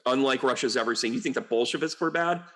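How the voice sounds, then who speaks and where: A man's voice: mid-range voice, fast talker. A man, a psychic medium, rambling through casual commentary full of asides and exasperated outbursts. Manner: rambling and animated, with frequent asides and mocking quotes. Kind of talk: casual political commentary monologue.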